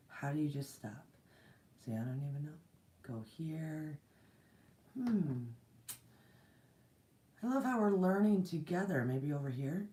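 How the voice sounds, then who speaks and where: A woman hosting a spiritual channel chats casually, bubbly and rambling, breaking into giggles. Her voice is mellow and sits on the low side, picked up from a distance by a device camera. The home room around her is echoey. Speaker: channel host giving spiritual messages. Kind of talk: casual livestream chat.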